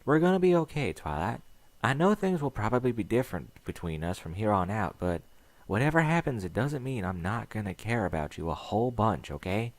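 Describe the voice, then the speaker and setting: A man's voice: lowish voice, sing-song, brisk, no room sound. A man voicing a kind, frank young female farm pony with a folksy drawl. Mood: earnest.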